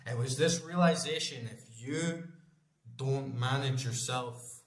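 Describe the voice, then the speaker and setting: A man's voice: mid-range voice, takes it slowly. A man in his forties, a gaming channel host, chatting casually in a rambling, emphatic way and swearing constantly. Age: 40s. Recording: echoey room.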